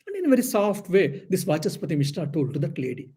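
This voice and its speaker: A man teaches scripture in the slow, storytelling manner of a monk. His voice sits a little high but sounds dark and mellow, with a husky edge. He repeats phrases as he goes. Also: big pitch swings. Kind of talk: spiritual lecture.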